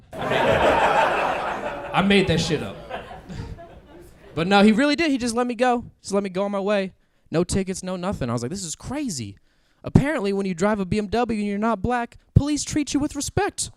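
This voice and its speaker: A man's voice: high voice, moderate pace. A young man from Kansas City doing a crude stand-up comedy set on stage before a live audience. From Kansas City, USA. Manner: crude, animated storytelling.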